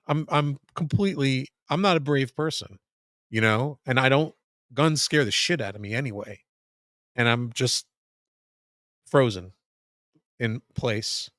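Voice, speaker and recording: A man tells a long story as a podcast guest, swearing freely and stumbling over restarts. His voice sits at a middle pitch. The sound is dry and close. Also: a bit bright, no echo. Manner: rambling, profane, frequent restarts. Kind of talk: casual storytelling.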